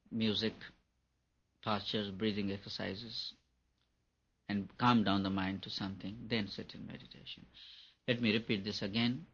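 A man's voice: fairly low pitch, a bit bright, breathy edge. A man giving a spiritual talk on meditation, repeating his points for emphasis. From India. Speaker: meditation teacher. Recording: dull lo-fi recording.

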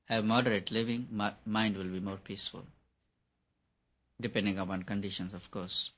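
Male spiritual teacher, husky voice, emphatic and repetitive, dull lo-fi recording. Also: fairly low pitch, level tone, normal speed, a bit bright. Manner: earnest, repetitive and emphatic, laughs at his own points. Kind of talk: meditation lecture to an audience.

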